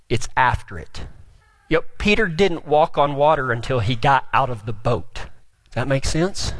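A man's voice: extremely high pitch, dry recording. A man preaching a folksy, joking sermon as pastor. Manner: folksy, joking, builds to shouts.

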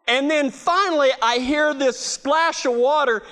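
A man's voice: extremely high pitch, a little slow. A middle-aged man giving a humorous storytelling talk, laughing often as he goes. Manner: laughing, animated storyteller with restarts. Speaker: speaker.

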